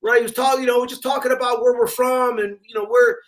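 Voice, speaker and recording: A man's voice: extremely high pitch, flat delivery, quick pace, a bit bright. An older man co-hosting a casual talk show, sick, reminiscing and chiming in with short agreements. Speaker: co-host. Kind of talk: casual storytelling chat.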